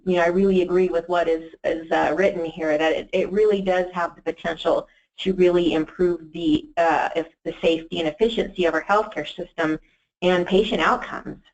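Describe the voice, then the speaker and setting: A woman's voice: mid-range voice, lo-fi sound. A woman presenting a webinar in a casual, enthusiastic way, with many fillers and restarts.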